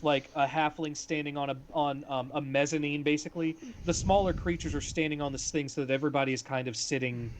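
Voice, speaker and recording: A man narrating a tabletop game as game master, talking casually with lots of "like" and "um". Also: a little high. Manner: casual, full of "like" and "um".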